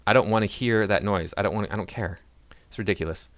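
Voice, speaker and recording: A man's voice: lowish voice, quick pace, no echo. A man ranting in sarcastic, mocking political commentary.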